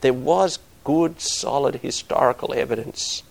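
A man's voice: mid-range voice, a little slow, gravelly. A middle-aged man preaching a sermon, earnest and building to emphatic bursts.

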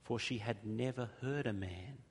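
A middle-aged Australian man preaching a sermon, telling stories and repeating phrases for emphasis, slowing down on key points. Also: mid-range voice, a little hiss or hum. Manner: storytelling, emphatic repetition, slows down for key points. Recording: long reverb of a large hall.

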